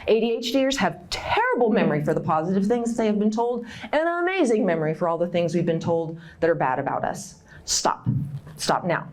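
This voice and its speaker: A middle-aged woman speaks to a conference audience in a workshop talk. She is direct and encouraging and laughs easily. Her voice sits at a middle pitch but leaps upward when she acts out anxious inner voices. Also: sing-song, fast, few pauses, a little mellow. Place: conference room.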